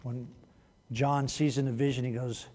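Animated male pastor in a reverberant church. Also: moderate pace. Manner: animated, swings between loud emphasis and hushed lows; demonstrative, talks to the congregation directly. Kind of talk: sermon. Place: church sanctuary. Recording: long reverb of a large church hall.

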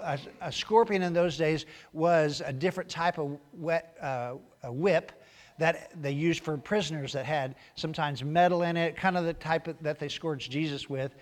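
A man preaching a sermon in a church, acting out quotes loudly and then dropping to quiet asides. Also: fairly high pitch, normal speed. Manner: animated, acts out quotes loudly, then drops to a hushed aside. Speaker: pastor.

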